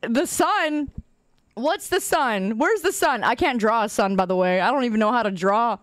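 A woman's voice: fairly high pitch, animated, moderate pace, dry recording. A woman streamer chatting casually with her viewers, teasing and laughing often.

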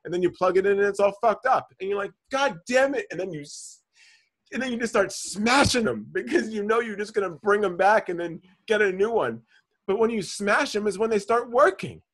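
A man hosting a casual podcast, telling a profane, animated story and calling people bro. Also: high-pitched, fairly quick. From New York. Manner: animated storytelling, swears a lot, says bro. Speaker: podcast host.

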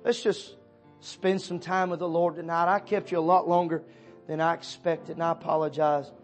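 A man preaching in a church, his voice sitting high for a man. He moves between loud, pressing appeals and near-whispered lines, talking straight to people in the pews. Soft music hums faintly underneath. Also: level tone, moderate pace. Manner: preaching with wide swings from loud urging to hushed tones; addresses listeners by name as brother and sister. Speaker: pastor. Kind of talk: sermon.

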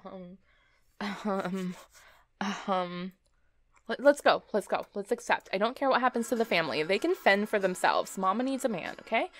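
Woman chatting thru a life-sim game, bossing her little characters around, laughing, kinda exasperated, medium pitch. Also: expressive, unhurried, long pauses. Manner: exasperated, repeats herself. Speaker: let's play host. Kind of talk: casual gameplay commentary.

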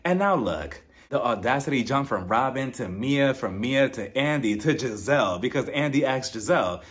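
Animated young man recapping TV drama. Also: mid-range voice, moderate pace, few pauses. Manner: animated, incredulous, acts out quotes mockingly. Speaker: reality TV recap commentator. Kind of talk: casual opinionated recap.

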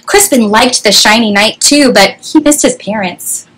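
Woman, children's read-aloud, animated, expressive, fairly high voice, webcam recording. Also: unhurried, noisy background. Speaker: storyteller.

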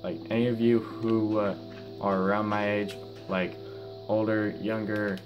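Deep-voiced 16 yo guy narrating his game slow, stumbly and halting, sore mouth, guitar music going behind. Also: little pitch movement, muffled recording. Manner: hesitant, halting, full of fillers and restarts. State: sore mouth after wisdom teeth removal. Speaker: gaming YouTuber. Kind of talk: casual gameplay commentary. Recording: guitar music playing under the voice.

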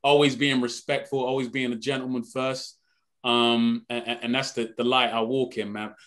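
A man's voice: mid-range voice, flat delivery, moderate pace, fairly bright tone. A young man, a guest on a radio morning show, talking earnestly and animatedly, often saying "man". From United Kingdom. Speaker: actor guest. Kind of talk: casual radio interview. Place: radio studio.

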